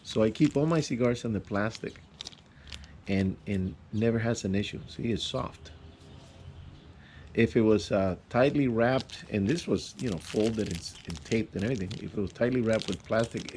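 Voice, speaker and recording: A man telling a personal story in a casual, rambling way, with halting restarts and fillers. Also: lowish voice, a little mellow, a little hiss or hum. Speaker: vlogger.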